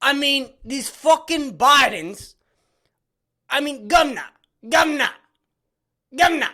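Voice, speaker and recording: A man voicing a mocking, exaggerated Australian newsman in a put-on Australian accent, loud and raised in pitch. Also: expressive, a little slow, exaggerated voice. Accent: mock Australian. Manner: loud, raised pitch, repeating "governor" and "mate".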